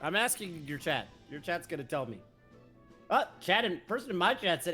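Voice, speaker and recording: A man co-hosting a casual live stream, talking in a loose, chatty way full of fillers and easy laughs. His voice sits a little high for a man, and faint music plays behind him. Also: big pitch swings, moderate pace, pushed and bright. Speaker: co-host.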